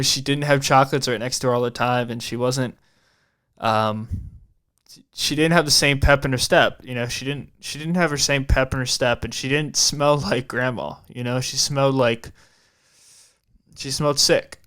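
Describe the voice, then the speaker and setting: A young man hosting a podcast, telling a personal story in a halting way, repeating and restarting his phrases and swearing casually. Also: medium pitch, fairly even intonation, a bit bright, smooth. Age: young adult. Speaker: podcast host.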